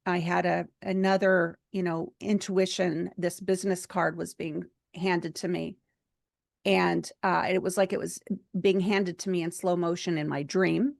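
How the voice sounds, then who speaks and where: A woman's voice: lowish voice, gravelly, no echo, studio quality. A woman giving a seminar talk, earnestly telling a personal story in a chatty way with many fillers. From United States. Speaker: seminar speaker.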